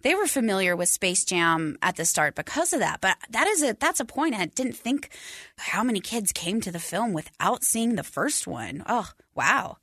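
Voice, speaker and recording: A woman on a podcast panel chatting casually, animated and quick to laugh. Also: mid-range voice, slightly rough, dry recording, studio quality. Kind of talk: casual chat.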